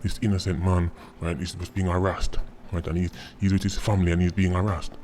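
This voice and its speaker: Mocking Jamaican man, mellow low voice. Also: little pitch movement, fairly quick, a little hiss or hum. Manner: mocking, repeating tag words like "right?". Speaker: commentator. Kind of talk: casual patois commentary.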